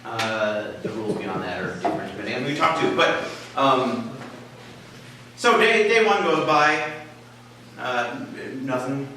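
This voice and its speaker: A man telling a comic personal story at a live story slam, halting and full of fillers, with a wry, self-mocking manner. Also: mid-range voice, animated, pushed and bright. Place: small live venue with an audience. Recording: echoey room, mic far off, faint hiss.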